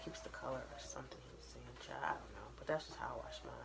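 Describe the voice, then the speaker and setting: A woman's voice: very deep voice, fast, vocal fry, very noisy. A woman chatting casually to her viewers while doing household chores at home. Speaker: vlogger. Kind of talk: casual vlog chat. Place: home laundry area.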